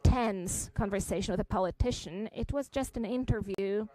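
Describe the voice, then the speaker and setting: A woman giving a simultaneous interpretation at a press conference, halting, with frequent fillers and restarts. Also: mid-range voice, warm tone, low-quality recording.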